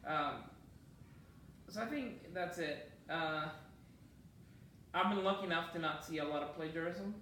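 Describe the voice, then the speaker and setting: Laid-back Mexican-born comedian, high voice. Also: male voice, unhurried, long pauses, bright, forceful tone, a little hiss or hum. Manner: laid-back, sprinkles in "man", acts out quoted bits. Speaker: stand-up comedian guest. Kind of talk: casual interview chat. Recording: echoey room, distant mic.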